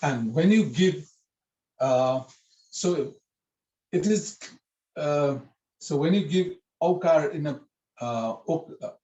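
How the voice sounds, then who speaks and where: A man teaches a writing script over a video call, going slowly and patiently through each letter with plenty of fillers and repeats. His voice sits a little high. The sound is echoey, as in a bare room. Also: animated, dark tone, muffled recording. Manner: patient, repetitive explaining with many fillers. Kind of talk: online language lesson.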